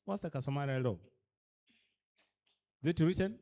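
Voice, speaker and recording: A Ugandan-accented man delivers a training lecture in a voice pitched a little high. He is emphatic and keeps pressing his listeners with one rhetorical question after another. He moves easily between English and a local language. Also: normal speed, dark tone. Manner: emphatic, fires repeated rhetorical questions at the audience. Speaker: speaker at a cultural leaders' orientation.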